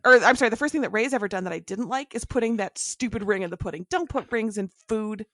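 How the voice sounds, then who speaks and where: A woman co-hosting a casual TV recap podcast, animated and quick to laugh as she quotes favorite lines. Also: mid-range voice, no room sound, clean studio sound. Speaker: podcast co-host.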